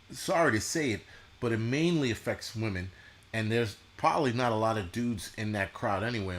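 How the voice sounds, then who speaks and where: A man hosting a casual livestream, ranting bluntly and profanely with mocking asides and halting restarts. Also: lowish voice, fairly bright tone. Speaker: show host.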